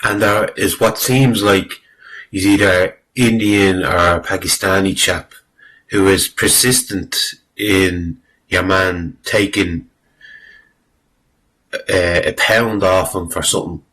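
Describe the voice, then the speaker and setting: A man's voice: sits low, fairly even intonation, slow pace, a bit bright, low-quality recording. A man giving rambling, exasperated spoken commentary on a clip, swearing freely and using lots of fillers. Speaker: video commentator.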